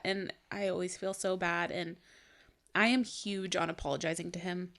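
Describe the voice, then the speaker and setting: A woman's voice: fairly low pitch, little pitch movement, moderate pace, gravelly, fairly bright tone. A young adult woman co-hosting a podcast, telling chatty stories and using filler words often. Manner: chatty storyteller, leans on "like". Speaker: podcast co-host. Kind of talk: casual podcast chat.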